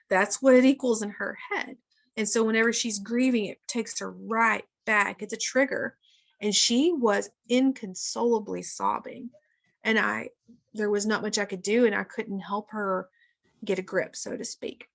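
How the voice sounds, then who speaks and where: A woman's voice: mid-range voice, fairly even intonation, a little slow, gravelly. A woman in her thirties leading a casual live wellness session over a video call, chatty and often addressing her listeners as guys.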